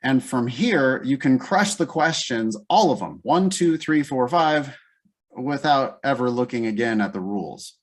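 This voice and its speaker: A man's voice: mid-range voice, expressive, a little slow. Casual man teaching step by step. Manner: casual, thinks aloud step by step. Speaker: LSAT teacher. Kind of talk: live class walkthrough.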